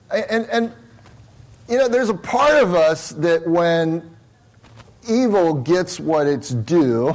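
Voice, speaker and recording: A man's voice: on the high side, a little mellow. A man preaching a sermon in a small church, talking casually and conversationally with many repeated restarts. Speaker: pastor.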